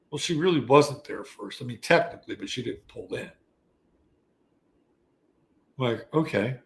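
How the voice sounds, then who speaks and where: An older man in his sixties tells a story with a gravelly, worn edge, his voice at an ordinary middle pitch. He talks like a host chatting to his audience, animated and loose, with a good deal of swearing. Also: moderate pace, long pauses. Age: 60s. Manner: animated, profane, conversational. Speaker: astrology show host. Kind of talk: casual storytelling. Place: Texas.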